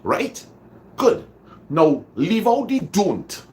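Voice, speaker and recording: Trinidadian man, livestream host, dramatic repetition, unhurried, expressive pitch. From Trinidad and Tobago. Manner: dramatic, repeats phrases for emphasis. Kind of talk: motivational livestream talk greeting viewers.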